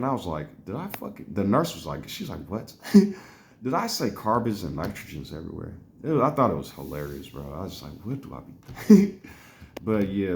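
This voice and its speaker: A man's voice: low-pitched, a little hiss or hum. A man chatting casually to camera in a rambling way, laughing at himself and swearing.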